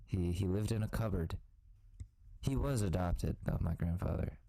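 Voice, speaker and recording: Man, podcast co-host, very low voice, dry close sound, joking, casual chat. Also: normal speed, gravelly, warm tone, dry recording, low-quality recording. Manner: joking, riffing with absurd bits.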